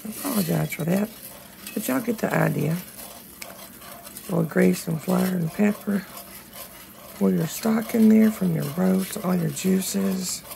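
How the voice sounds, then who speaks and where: Woman, home cook host, very gravelly, hoarse, on a noisy handheld phone recording in the kitchen. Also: mid-range voice, mellow. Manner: chatty, talks straight to viewers. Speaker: home cooking channel host. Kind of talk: casual cooking demonstration. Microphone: phone held in one hand.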